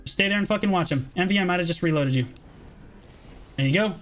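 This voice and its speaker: A man's voice: high-pitched, fast talker, fairly bright tone, faint music behind. A man calling the shots in a team game over voice chat, urgent and commanding, repeating every order and swearing. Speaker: guild shotcaller.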